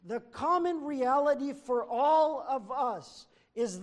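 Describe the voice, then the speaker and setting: A man preaches from the pulpit with an unusually high voice, pressing his points slowly and deliberately. He swings between loud, emphatic declarations and hushed asides. The sound carries a long reverb, like a church sanctuary. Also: lively intonation. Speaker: pastor. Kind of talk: sermon.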